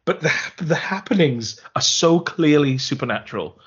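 A man's voice: on the high side, expressive, normal speed, slightly rough. A man co-hosting a podcast, retelling a film's scenes in casual chat with laughing asides. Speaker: podcast co-host. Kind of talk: casual film review chat. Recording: slightly muffled podcast audio.

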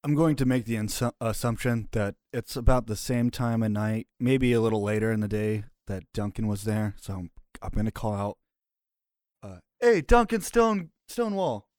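A man's voice: on the low side, steady tone, a little fast, hardly any pauses, dark tone, no echo, studio quality. A man playing a tabletop game, casual and hesitant, often restarting his sentences. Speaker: player.

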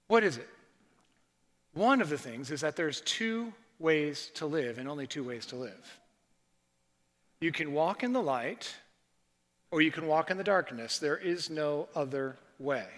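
A middle-aged man preaching a sermon as a pastor, telling stories in an animated way and acting out what people said. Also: high voice, big-room sound. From northern United States. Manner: animated storytelling with acted-out quotes.

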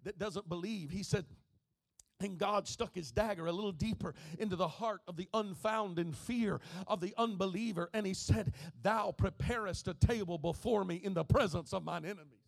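A man preaching a sermon as pastor, moving between quiet speech and shouted, half-sung lines. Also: sits high, normal speed, creaky, dry recording. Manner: preaching, swings from soft to shouting and half-singing.

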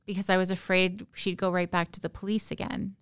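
A woman from Canada, a podcast guest, recounting a personal story in a halting, emotional, soft-spoken way. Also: lowish voice, little pitch movement, smooth, no room sound, studio quality.

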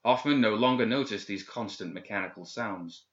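A man reading a story aloud in steady, measured audiobook narration. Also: on the low side. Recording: echoey, slightly dull recording.

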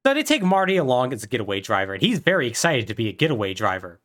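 A man co-hosting a podcast, casually retelling a plot and briefly acting out the characters' lines. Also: mid-range voice. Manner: animated retelling, acts out characters' lines in quick voices. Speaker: podcast co-host.

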